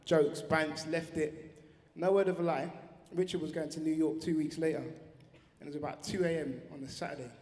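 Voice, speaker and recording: A man's voice: on the high side, steady tone, normal speed, a little mellow. A man giving a heartfelt, slangy tribute speech on stage at an awards ceremony. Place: large awards venue hall. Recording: reverberant hall.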